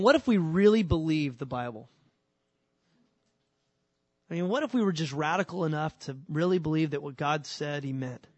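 A man preaching a sermon in a casual, animated way, moving between loud emphasis and quiet, earnest lines. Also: fairly high pitch, dry recording. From California. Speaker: pastor.

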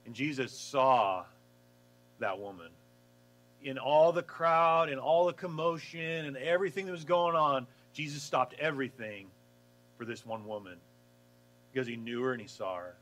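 A man preaching a casual, lively sermon, acting out the story and laughing along. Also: mid-range voice, normal speed, rough recording. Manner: animated storytelling, acts out voices, laughs. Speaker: pastor.

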